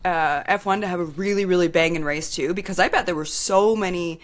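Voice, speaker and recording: A woman's voice: fairly low pitch, a little fast. A woman co-hosting a sports podcast in casual chat, talking loosely with lots of filler words and easy laughter. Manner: chatty, many "like" fillers, laughs easily. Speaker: podcast co-host.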